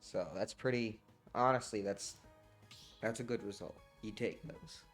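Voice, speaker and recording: A young man streaming, chatting casually and profanely over a game tournament, rambling in an animated way. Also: fairly low pitch, unhurried, faint music behind.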